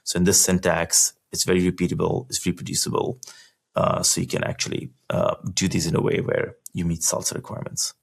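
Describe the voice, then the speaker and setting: Brisk and very low-voiced, this engineering executive appears as a podcast guest with a gravelly, fry-tinged tone. He covers technical subjects casually and conversationally, letting his sentences wander with frequent restarts and lots of "like."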